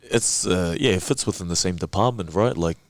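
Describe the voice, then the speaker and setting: A man guest on a casual podcast, laid-back and reflective, laughing often and slowing down on key words. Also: low voice, dry recording. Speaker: podcast guest, men's work facilitator.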